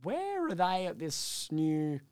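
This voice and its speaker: A man's voice: high-pitched, huge pitch swings, takes it slowly, darkish tone, smooth, dry recording, clean studio sound. A young man co-hosting a casual sports podcast, teasing and laughing often. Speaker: podcast co-host. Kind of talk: casual chat.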